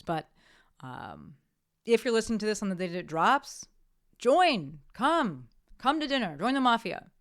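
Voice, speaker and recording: Low-voiced chatty woman podcast host. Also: clean tone, no room sound, studio quality. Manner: chatty, self-correcting, upbeat sign-off. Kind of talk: casual solo podcast talk.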